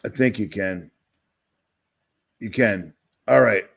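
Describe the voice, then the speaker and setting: The livestream host, a man from Boston, rants sarcastically and with agitation, wandering from point to point as he shares his screen. His lowish voice is slow and gravelly, with a breathy edge.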